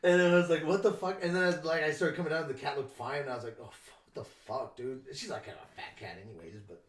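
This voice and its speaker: A man, a podcast guest, telling stories in profane, animated casual chat. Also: on the high side, fast, distant mic. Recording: echoey room, away from mic.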